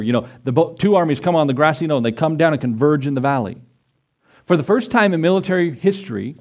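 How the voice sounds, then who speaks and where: A man preaching a sermon, reading scripture aloud and acting out biblical scenes in a conversational, emphatic way. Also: fairly high pitch. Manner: emphatic, animated preaching with conversational asides and dramatized quotes.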